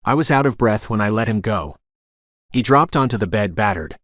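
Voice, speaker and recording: Dry, gruff male audiobook narrator. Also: on the low side, expressive, moderate pace, a bit bright, no echo. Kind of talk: scripted first-person narration.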